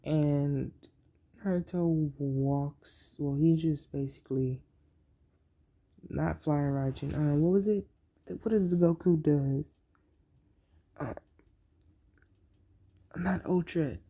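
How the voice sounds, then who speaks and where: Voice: mid-range voice, slow, pauses often, mellow. A storyteller casually narrating an improvised fan-fiction story, rambling with many ums and "so, yeah" fillers.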